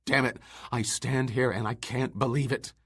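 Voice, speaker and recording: A man's voice: medium pitch, steady tone, normal speed, fairly bright tone, breathy edge, voice pushed up. A man reading aloud and playing a disillusioned fireman who bursts out in furious, bitter words.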